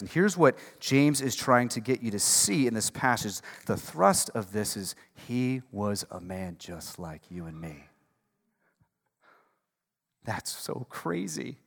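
Fired-up pastor preaching in a big hall. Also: male voice, mid-range voice, expressive, unhurried. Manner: conversational, swings from hushed to fired-up preaching. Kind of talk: sermon. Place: church sanctuary. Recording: long reverb of a large hall.

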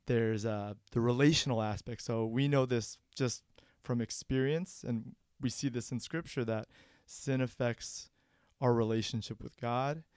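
Man, smooth clear voice, dry close sound, earnest, reflective sermon discussion. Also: medium pitch, unhurried, darkish tone, no room sound. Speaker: church podcast panelist.

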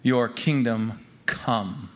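A man preaching a sermon to his congregation as pastor. He talks emphatically, repeats key phrases and swings from hushed lines to loud ones. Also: medium pitch, extremely slow. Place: church gathering before a congregation.

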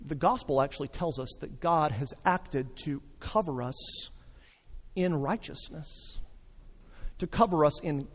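High-voiced male preacher in a reverberant hall. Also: a little slow. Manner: animated, acts out quoted voices. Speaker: pastor. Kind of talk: sermon.

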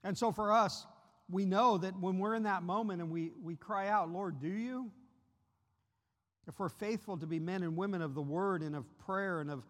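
Guest preacher, male, higher voice, earnest, lifts his pitch for quoted cries, big reverberant church sound. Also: fairly quick, a bit bright. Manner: earnest, voice rises sharply when voicing the disciples' cries. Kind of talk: sermon. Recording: long reverb of a large hall.

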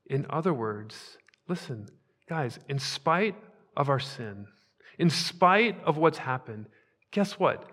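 A male pastor preaching a sermon, emphatic, swinging between hushed asides and loud, rising declarations. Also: mid-range voice, lively intonation, takes it slowly, long reverb tail.

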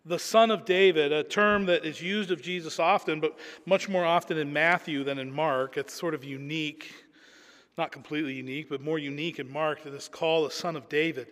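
A man's voice: a little high, fairly even intonation, brisk, fairly bright tone, long reverb tail. A man preaching a sermon in an earnest, emphatic way, often repeating words as he builds a point.

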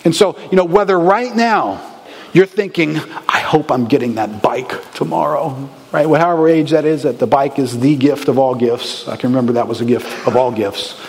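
Lively man preaching in an echoey hall. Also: fairly high pitch, normal speed. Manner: lively, conversational, with bursts of excitement. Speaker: pastor. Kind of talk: sermon. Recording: reverberant hall with faint ambience.

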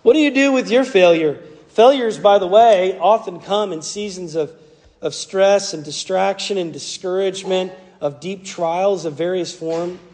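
High-voiced Southern preacher in a reverberant hall. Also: male voice, normal speed, a little mellow. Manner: earnest, conversational preaching. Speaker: pastor. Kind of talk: sermon.

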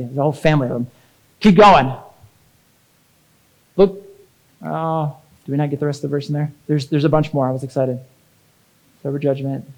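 A man in his thirties preaching a sermon in an energetic, conversational way, often checking in with "right?". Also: fairly high pitch, low-quality recording. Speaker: pastor.

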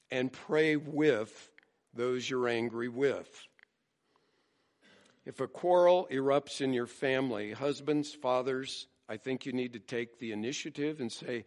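A man with a mid-range voice preaches earnestly to his congregation. He presses his points with emphasis and stretches out key scripture phrases slowly for weight. His pitch sits in the ordinary middle for a man. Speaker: pastor. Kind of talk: sermon.

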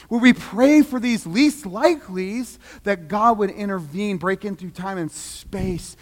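A man preaching a sermon, dramatic, swinging from loud pleading to hushed quiet. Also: high-pitched, a little slow, hardly any pauses. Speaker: pastor. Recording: long reverb of a large hall.

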